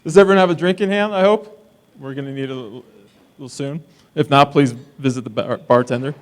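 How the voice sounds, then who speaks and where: A man's voice: medium pitch, brisk. A man gives a best man's toast at a wedding reception held in a distillery. He talks in a teasing, wisecracking way, ribbing the groom and the guests as he goes. His voice sits in a middle range for a man. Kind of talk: joking wedding speech.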